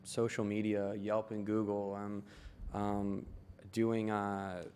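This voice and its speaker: A man's voice: on the low side, slow, a little hiss or hum. A young man from Maryland chatting casually as a podcast guest, swearing and laughing as he tells stories. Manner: swearing, laughing, animated storyteller. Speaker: guest, tailor.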